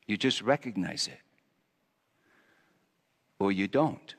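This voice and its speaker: A man's voice: on the low side, slow, a bit bright, in a large hall, exaggerated voice. A man playing Pontius Pilate as a conflicted Roman governor, speaking a stammering, confessional monologue in character. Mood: brooding. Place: church hall.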